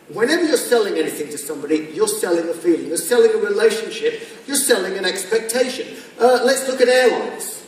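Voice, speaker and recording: A man giving a humorous business talk to a conference audience, acting out little scenes with quoted voices. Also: very high voice. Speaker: keynote speaker. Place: large conference hall. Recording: echoey hall from far off.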